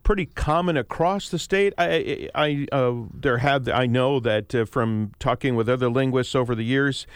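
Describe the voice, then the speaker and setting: A man hosting a public radio talk show from a studio, relaxed and conversational with a light joking touch. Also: mid-range voice, normal speed, few pauses, clean tone, no echo. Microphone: studio microphone.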